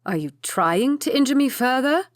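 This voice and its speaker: A woman's voice: high voice, lively intonation, moderate pace, no room sound, clean studio sound, voice pushed up. A woman voicing an injured young earl who speaks with weary irritation. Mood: irritable.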